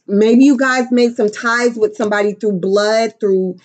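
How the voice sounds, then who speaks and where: A woman's voice: fairly high pitch, steady tone, a little slow. Brash, playful woman reading tarot. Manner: brash, profane, playful, breaks into silly singing and voices. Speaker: tarot reader. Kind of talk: casual tarot reading monologue.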